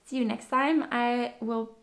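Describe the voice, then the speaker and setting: A woman's voice: on the high side, fairly even intonation, unhurried, vocal fry, fairly bright tone. Breathless woman chatting on her podcast. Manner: rambling, with frequent fillers and restarts. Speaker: podcast host. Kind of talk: casual chat.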